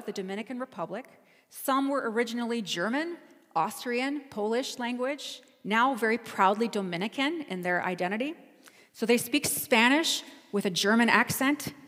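A woman's voice: on the high side, fairly bright tone, big-room sound. A woman pastor giving a sermon, telling a travel story in a conversational, storytelling way. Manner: storytelling, conversational, self-correcting.

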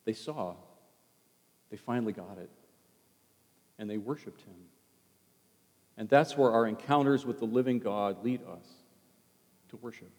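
A man preaching a sermon as a pastor, in a conversational tone that drops to a hush on quoted words. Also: on the low side, unhurried, long pauses. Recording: long hall reverb.

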